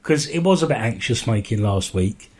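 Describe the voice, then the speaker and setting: A man co-hosts a casual podcast. He teases his friend with a dry, sweary wit and chats in an easy, unhurried way. His voice sits at a middling pitch. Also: animated. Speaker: podcast co-host. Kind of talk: casual chat.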